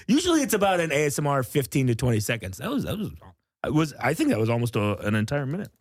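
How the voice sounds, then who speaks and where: A man's voice: medium pitch, wildly swooping pitch, fast talker, no echo, studio quality. A young man hosting a casual comedy podcast, joking around and laughing often. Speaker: podcast host.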